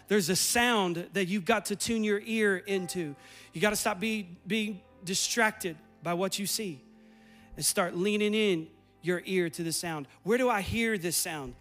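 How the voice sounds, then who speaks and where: A high-pitched, slightly bright male voice moves a little slowly as a pastor preaches over soft background music. His sermon in the church sanctuary intensifies with repetition and urgency, and he leads a prayer.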